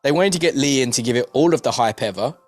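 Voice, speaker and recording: A man's voice: mid-range voice, fast, no room sound, soft background music. A man co-hosting a podcast, chatting casually and animatedly about boxing, swearing freely and jumping between points. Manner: animated, swearing, jokey with mimicked voices. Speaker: podcast co-host.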